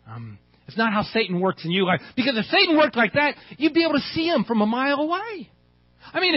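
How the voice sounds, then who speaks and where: A male pastor preaching a sermon in a conversational way, asking the audience many rhetorical questions, with a slightly husky voice. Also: high voice, no room sound, muffled recording.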